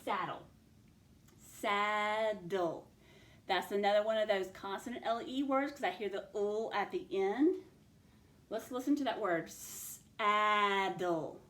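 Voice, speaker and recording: A woman's voice: medium pitch, a little mellow, reverberant. A woman teacher taking young pupils through a phonics lesson, sounding out and stretching words. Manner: slow, stretched-out word sounding.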